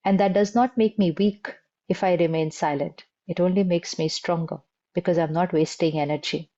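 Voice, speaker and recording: Calm woman teaching, warm low voice. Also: moderate pace, muffled recording. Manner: repeats key phrases for emphasis. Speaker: spiritual teacher. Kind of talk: motivational spiritual talk.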